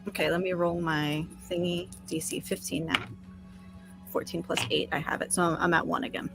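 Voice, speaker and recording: A woman's voice: fairly low pitch, little pitch movement, normal speed, vocal fry, music in the background. A woman playing a tabletop game who reads rules aloud and laughs often. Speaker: player. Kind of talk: casual game chat.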